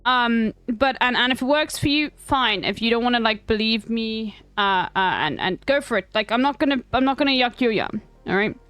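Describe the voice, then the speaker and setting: A South African woman streamer reading an article aloud in casual chat, breaking off with wry, swearing asides and halting restarts. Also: fairly high pitch, expressive, fairly bright tone, dry recording, faint music behind.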